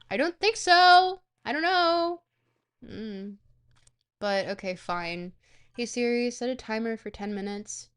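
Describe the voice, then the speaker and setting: A woman's voice: on the high side, animated, slow, a bit bright, clear, resonant tone. A young woman streamer chatting casually and rambling as she reads out and answers viewer questions. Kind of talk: casual chat with a live stream audience.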